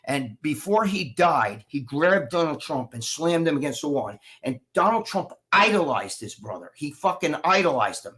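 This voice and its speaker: Profane, animated man telling stories. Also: a little high, moderate pace, few pauses. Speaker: show co-host. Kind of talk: casual livestream chat. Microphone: video call.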